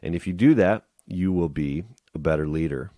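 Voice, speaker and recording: A man's voice: extremely low pitch, moderate pace, dark tone, no echo, studio quality. A man hosting a leadership podcast, retelling and reading from a book in an earnest, enthusiastic way. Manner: earnest and enthusiastic, with some restarts. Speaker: podcast host.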